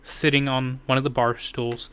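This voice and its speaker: A man narrating a tabletop game as game master, often halting and correcting himself. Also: medium pitch, level tone, a bit bright, clean tone.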